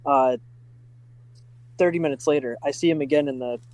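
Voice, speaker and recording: A middle-aged man telling stories in a casual podcast chat, full of fillers and excitement. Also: medium pitch, moderate pace, no echo, poor audio. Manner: enthusiastic, many fillers like "like" and "uh". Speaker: podcast guest, driving school staff. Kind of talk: casual storytelling.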